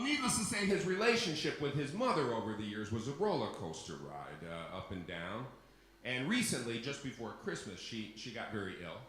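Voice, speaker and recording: A man's voice: lowish voice, bright, forceful tone, very echoey, a little hiss or hum. A man telling a comic story on stage, swearing freely, acting out the people he quotes and laughing at his own punchlines. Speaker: solo stage performer.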